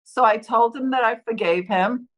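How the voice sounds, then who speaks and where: A woman's voice: a little high, moderate pace, low-quality recording. A woman from the New York area telling her personal near-death story in earnest, acting out what others said. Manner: earnest, acts out quotes with lively voices. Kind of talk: personal testimony, told in her own words.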